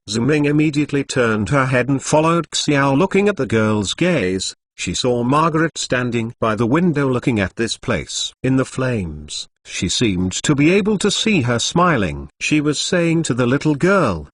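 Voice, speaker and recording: A man's voice: mid-range voice, sing-song, moderate pace, hardly any pauses, dry recording, studio quality. A man reading a translated novel aloud as an audiobook narrator.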